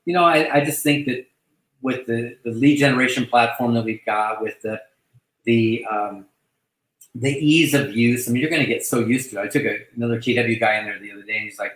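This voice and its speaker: A man hosting a casual online chat who talks effusively, halting often to restart his sentences. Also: medium pitch, a bit bright, echoey room, low-quality recording. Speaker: host welcoming a new agent.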